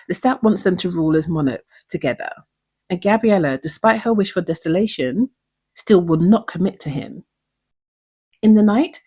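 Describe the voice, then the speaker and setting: Woman recap host, lowish husky voice, earnest and reflective. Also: a little mellow. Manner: earnest, reflective, asks many questions. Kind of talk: recap commentary.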